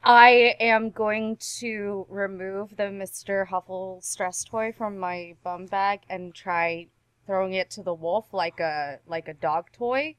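A woman player at a tabletop role-playing game, with a middle pitch and a dry, close sound. She keeps her turns short and playful. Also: steady tone, slow pace, clean tone, dry recording.

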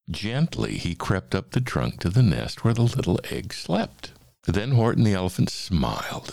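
A man hosting a talk who reads a children's book aloud in a measured, expressive way. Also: low-pitched, vocal fry, no echo. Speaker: host and reader. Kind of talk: reading a picture book aloud.

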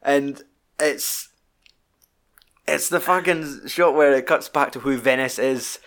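A man's voice: medium pitch, takes it slowly. Sweary man recapping a film. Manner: animated storytelling, sweary, quoting scenes in put-on voices. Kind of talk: casual film chat.

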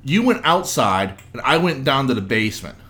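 A man's voice: medium pitch, big pitch swings, moderate pace, sharp tone. A man co-hosting a podcast, telling a rambling household anecdote in casual chat. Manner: rambling anecdotes, acts out others' lines. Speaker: podcast co-host.

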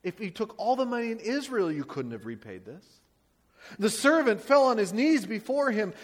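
A man preaching a sermon as a pastor, telling a story with lively emphasis and dropping to quiet, soft lines for his points. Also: high voice, moderate pace. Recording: long hall reverb.

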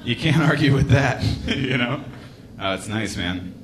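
Male stand-up, late 20s, American, casual drawl, mid-pitched, live club mic. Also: lively intonation, measured pace, a little hiss or hum. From United States. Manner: laid-back, rambling, casual swearing. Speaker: stand-up comedian. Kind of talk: stand-up comedy set. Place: comedy club stage.

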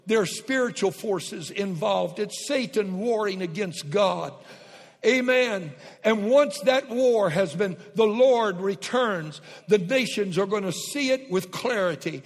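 A man with a high voice preaches fervently from a large church auditorium, calling out to his congregation. His words ring with a long hall reverb. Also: lively intonation, a little slow. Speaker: pastor. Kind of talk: sermon.

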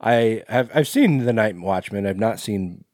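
A man with a low voice co-hosting a podcast in loose, rambling chat. He swears freely and leans on fillers as he talks. The sound is dry and close. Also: animated, a little slow, a little mellow, no room sound. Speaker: podcast co-host. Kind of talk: casual chat.

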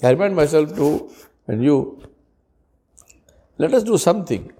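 A man preaches a sermon in an earnest, fervent way, weaving Arabic prayer phrases through his English. His voice sits a little high for a man, gravelly with fry, and mellow in tone. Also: expressive, a little slow.

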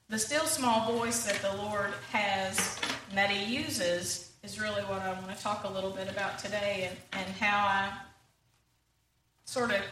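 A woman giving an informal talk in church, halting with many fillers and a self-deprecating humor. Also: medium pitch, sharp tone, slight background noise. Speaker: church speaker. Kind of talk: sermon-style talk. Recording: echoey room, voice from a distance.

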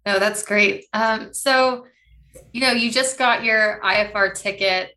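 Bright-voiced woman interviewer. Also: medium pitch, steady tone, measured pace. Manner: upbeat, laughs often. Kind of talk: casual interview.

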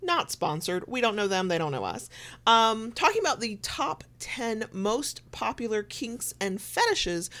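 Unhurried and sing-song, this podcast co-host speaks in a fairly high, fairly bright voice with a Southern American accent. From her home recording room she chats casually, rambling through asides and laughing often.

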